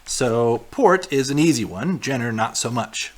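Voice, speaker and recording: A man teaches a class remotely in a recorded lesson, walking students through a weekly packet. His mid-range voice is expressive and his pace measured, and he explains things casually with frequent fillers and check-ins.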